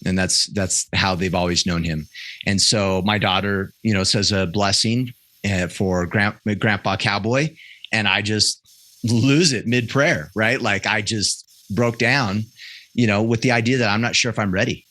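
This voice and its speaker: A man's voice: lowish voice, steady tone, a little slow, pushed and bright, no echo. A man in his thirties, a podcast guest, telling personal stories candidly and earnestly, often restarting his sentences. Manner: earnest, self-correcting storyteller with frequent restarts. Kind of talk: candid conversational interview.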